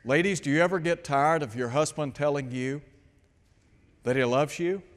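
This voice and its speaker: In a large hall, a man with a somewhat high voice preaches a sermon. He speaks slowly and deliberately, posing rhetorical questions to his listeners and quoting scripture.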